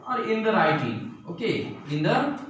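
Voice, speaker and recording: A male school teacher with an Indian English accent giving a slow, repetitive grammar lesson in a classroom, drilling pronunciation aloud. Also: sits high, sing-song, noisy background. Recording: echoey classroom, very roomy.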